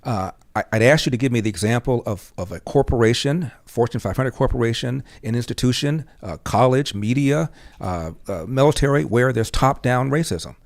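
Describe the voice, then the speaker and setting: A man's voice: medium pitch, moderate pace, vocal fry, dry recording, studio quality. An older man on a podcast, telling a personal story as a guest and acting out the lines of the people in it. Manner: animated storyteller who acts out quoted dialogue.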